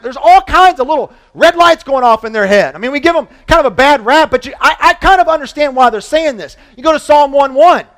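Male pastor with a high voice, preaching in a loose conversational way, punching up key lines and dropping low for quiet points. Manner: conversational, animated preaching with restarts and asides; swings from loud emphasis to quiet low delivery. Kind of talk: sermon.

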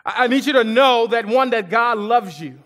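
A man's voice: extremely high pitch, moderate pace, a bit bright, long reverb tail. A male pastor preaching a sermon in a church auditorium, in a conversational way with repetitions and asides to the congregation.

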